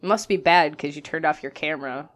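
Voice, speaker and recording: A woman's voice: low-pitched, brisk. A woman co-hosting a casual podcast from home over a call, teasing and laughing often. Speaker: podcast co-host.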